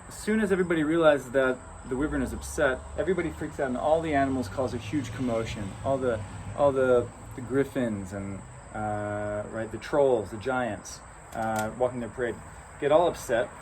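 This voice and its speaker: A man spins an improvised legend in a relaxed, rambling way, breaking off for asides. His voice sits at a middle pitch. Crickets and insects chirp loudly in the open air around him. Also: moderate pace, a little hiss or hum. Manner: loose and chatty, with asides and restarts. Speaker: storyteller. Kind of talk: improvised oral storytelling. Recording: outdoor recording with loud crickets.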